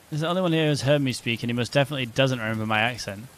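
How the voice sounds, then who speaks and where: A man's voice: mid-range voice, rapid-fire, a little hiss or hum. A man streaming a game, chatting casually and joking with his viewers. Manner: joking banter with chat. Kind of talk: casual live-stream chat.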